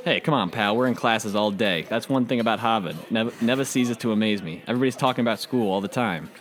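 A man's voice: fairly low pitch, quick pace, natural voice. A man voicing a blunt young male street tough from a working-class neighborhood. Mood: defiant.

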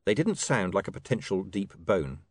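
Animated male audiobook narrator. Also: sits low, dry recording. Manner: measured storytelling. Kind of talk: scripted narration.

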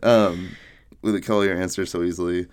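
A man co-hosting a podcast, talking through a book in casual chat and rambling through retold scenes with quick quotes from the characters. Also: low voice, steady tone, clear, resonant tone. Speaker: podcast co-host.

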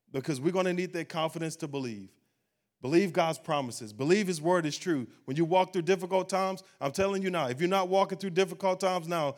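Man preaching a sermon. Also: fairly high pitch. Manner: preaching with a rising prayer. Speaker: pastor. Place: church service.

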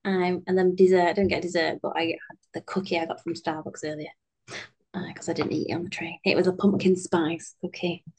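A woman's voice: on the low side, little pitch movement, a little fast, a little mellow, breathy edge. A young British woman co-hosting a podcast, chatting casually and rambling with lots of fillers. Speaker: podcast co-host. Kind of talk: casual chat.

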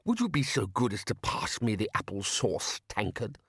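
A man's voice: lowish voice, very animated, normal speed, a bit bright, husky, no room sound, studio quality, full character voice. A man voicing a nervous, frail old male wizard who talks in a weak, quavering way. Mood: timid.

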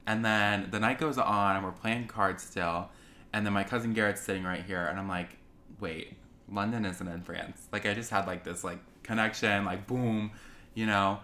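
A young American man tells a rambling, self-deprecating story in a casual chat. His voice sits very low but has a bright, forceful edge. A faint noise runs behind him. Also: steady tone, normal speed. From United States. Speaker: podcast guest.

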